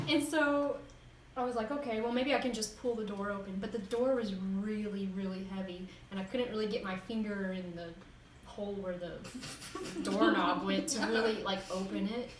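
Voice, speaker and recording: A woman telling a funny story in a casual, animated way, laughing often. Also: medium pitch, normal speed. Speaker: vlogger. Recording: roomy echo, distant mic, faint noise.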